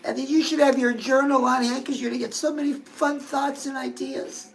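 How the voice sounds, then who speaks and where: A woman's voice: high-pitched, fairly even intonation, a little fast, gravelly, faint music behind, poor audio. A woman hosting a love and dating advice show, talking casually and confidingly to her listeners. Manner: chatty, confiding, addresses listeners as girl. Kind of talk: casual advice talk to viewers.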